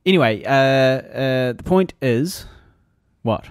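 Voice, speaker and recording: A man's voice: mid-range voice, lively intonation, slow pace, smooth, no room sound. A New man co-hosting a podcast, joking and rambling with plenty of swearing. His voice sits mid-range and sounds close and dry. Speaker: podcast co-host and actor. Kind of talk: casual chat.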